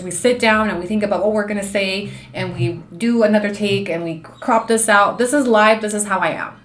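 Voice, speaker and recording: A woman's voice: medium pitch, fairly bright tone, a little hiss or hum. A woman in her thirties hosting an unscripted livestream, talking straight to her chat in a blunt, profane way and slipping into Spanish now and then. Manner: slips into Spanish phrases. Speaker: livestream host and law student. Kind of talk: unscripted live-stream rant.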